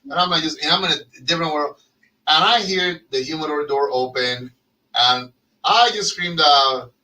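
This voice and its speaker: A man hosting a casual talk show, telling stories in an animated way and swearing freely as he acts out quotes. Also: fairly high pitch, normal speed. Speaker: podcast host. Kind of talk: casual storytelling chat. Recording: distant mic with faint noise.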